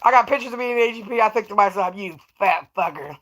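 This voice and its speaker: A woman's voice: a little high, fairly even intonation, very fast, a bit bright. A woman streamer who rants with profane, scornful commentary. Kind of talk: ranting live stream commentary.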